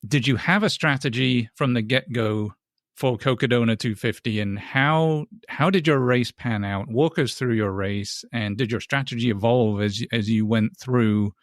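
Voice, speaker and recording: Male podcast host, mid-pitched, curious, winding questions, dry close sound. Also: normal speed, no echo. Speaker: interviewer. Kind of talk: podcast interview.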